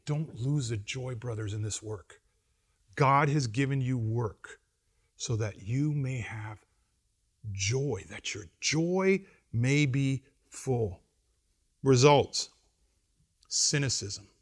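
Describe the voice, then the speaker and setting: Man, pastor, middle-aged, medium pitch, animated conference address, wry humor, loud emphasis and quiet asides. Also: slow pace, pauses often. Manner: wry humor and acted-out quotes. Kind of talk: conference address to seminary students. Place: seminary campus lecture.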